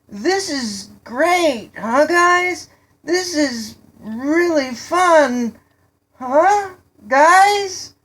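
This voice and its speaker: A woman voicing a young boy who shouts in a high, strained voice, lost and scared, in a storybook reading. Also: exaggerated voice. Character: panicky young boy thrill seeker, loud.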